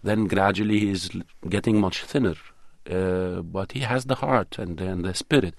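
Deep-voiced earnest male filmmaker. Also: moderate pace, gravelly, no room sound. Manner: earnest, thoughtful, searching for words. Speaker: documentary film producer and cinematographer. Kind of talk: interview answers.

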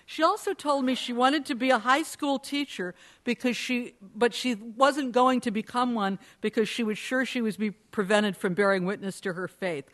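Woman giving a pointed debate speech. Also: mid-range voice. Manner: measured, pointed argumentative delivery. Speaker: debate speaker.

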